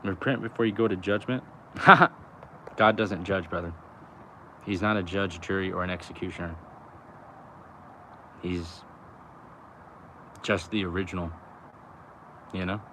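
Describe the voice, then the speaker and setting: A man's voice: deep voice, fairly even intonation, a little slow, pauses often, background noise. A young adult man rambling about spirituality outdoors, in loose slang full of "like" and "you know" and frequent swearing. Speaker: vlogger. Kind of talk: rambling spiritual musing to camera.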